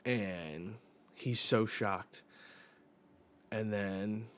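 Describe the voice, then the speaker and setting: A man's voice: lowish voice, very slow, fairly bright tone, slight background noise. A man hosting a live manga chapter reaction, talking bluntly and with a lot of swearing while summarizing the panels aloud. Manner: blunt and profane.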